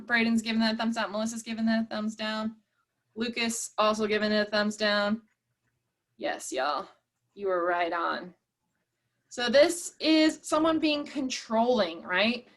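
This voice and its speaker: A woman's voice: on the high side, a bit bright. A woman leading an online workshop, encouraging and reading out participants' chat replies. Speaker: workshop presenter.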